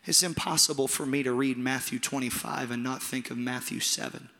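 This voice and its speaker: Preaching man with a bright voice. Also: fairly even intonation, gravelly. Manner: preaching with dramatic pauses, soft low drops and rising emphatic calls. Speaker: pastor. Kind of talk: sermon. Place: large church hall. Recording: long hall reverb with piano behind. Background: soft piano.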